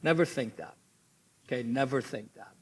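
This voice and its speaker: A man's voice: medium pitch, moderate pace, breathy edge. A man leading a church drama workshop, giving instruction and repeating key points, often checking in with "okay?". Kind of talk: teaching seminar.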